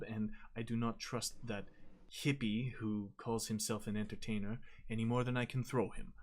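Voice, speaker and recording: A man's voice: fairly low pitch, natural voice. A man voicing a suspicious, grumpy male guard lieutenant who complains and distrusts everyone.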